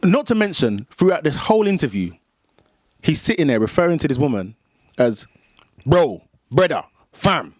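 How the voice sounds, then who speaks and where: A man's voice: a little high, sing-song, moderate pace, no echo, studio quality. A man, co-hosting a podcast and retelling a story with emphatic commentary in casual chat. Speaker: podcast co-host.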